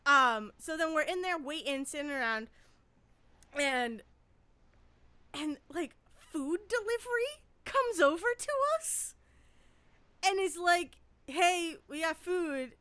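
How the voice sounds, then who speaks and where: A woman's voice: sits high, lively intonation, slow, pauses often, sharp tone, dry recording. A woman co-hosting a podcast, telling a long story in casual chat, rambling with restarts and frequent swearing. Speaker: podcast co-host.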